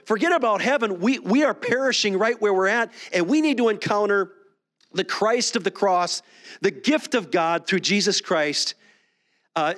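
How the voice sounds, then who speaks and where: High-voiced man preaching a sermon. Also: fairly bright tone. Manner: conversational preaching with many restarts. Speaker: pastor. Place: church sanctuary.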